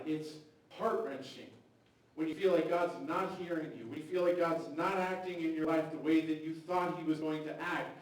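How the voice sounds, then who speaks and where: A man gives a casual, conversational sermon, slipping into playful voices for the people in his story. His voice sits a little high for a man. The sound is distant and heavily echoing, like a church hall caught from the back. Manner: casual, conversational preaching with acted-out quotes. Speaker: pastor. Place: church sanctuary. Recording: very echoey hall, mic far off.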